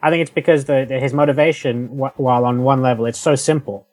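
Man, mid pitch, thoughtful, halting, dry close sound. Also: fairly even intonation, darkish tone, no echo. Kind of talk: casual movie discussion.

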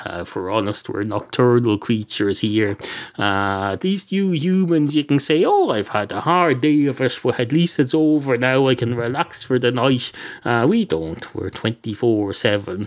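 A man's voice: fairly high pitch, voice pushed up. An Irish man voicing a polite, put-upon male cat who rambles and hesitates often. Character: weary polite male cat at a night service station.

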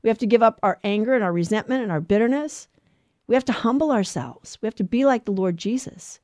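A woman's voice: fairly high pitch, animated, fast talker, darkish tone, dry recording. A middle-aged woman giving an earnest religious teaching talk on family life, stressing points by repeating words. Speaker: Catholic speaker on family life.

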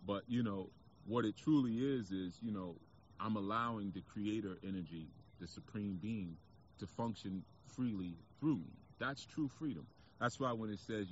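Outdoors and speaking to camera, a man with a New York accent gives a casual, reflective, somewhat preachy spiritual talk, often saying "you know" and other fillers. His lowish voice moves at normal speed, and the audio is dull with a little hiss or hum.

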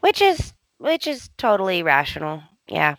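A woman's voice: fairly low pitch, wildly swooping pitch, moderate pace, vocal fry, a bit bright, no echo. A woman co-hosting a podcast, chatting casually about soap opera episodes and adding her own opinions. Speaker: podcast co-host.

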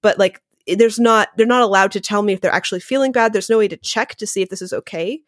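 Woman, podcast guest, quick animated delivery, mid pitch, filler-heavy casual talk. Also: no room sound, studio quality. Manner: rapid and animated, heavy use of "like". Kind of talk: casual conversational interview.

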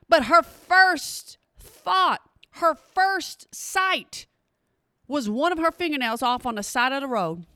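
A woman's voice: high-pitched, lively intonation, slow pace, bright, forceful tone, no echo. A woman host telling a story with comic emphasis, talking straight to her listeners and pressing them to hear her out. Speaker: comedic host.

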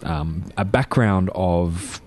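A man hosting a community radio tech show, chatty and relaxed, with plenty of fillers. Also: low voice, slow, slight background noise. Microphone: studio microphone.

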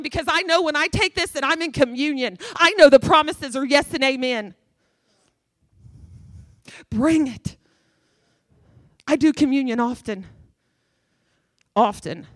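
A woman's voice: sits high, a bit bright, no echo, clean studio sound. A middle-aged woman preaching a sermon with fervor, emphatic and repeating phrases for effect.

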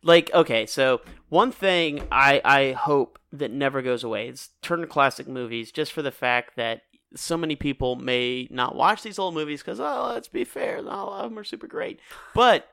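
A man's voice: mid-range voice, lively intonation, moderate pace, vocal fry, fairly bright tone, clean tone, dry recording, clean studio sound. A man co-hosting a podcast, chatting casually and animatedly, laughing often. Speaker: podcast co-host. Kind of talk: casual chat.

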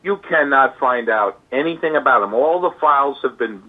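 A male author being interviewed, telling a history in a halting way with many fillers and restarts. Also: mid-range voice, expressive. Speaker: author guest. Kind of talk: interview storytelling. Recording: tinny phone line.

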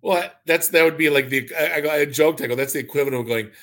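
A man hosting a podcast, chatting casually and telling jokey, animated stories. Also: fairly high pitch, fast. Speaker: podcast host. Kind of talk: casual chat.

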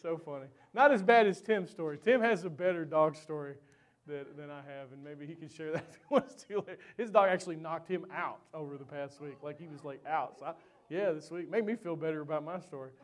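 A man preaching a sermon who tells a personal story in an animated, chatty way with lots of fillers, then closes in prayer. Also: a little high, a little fast.

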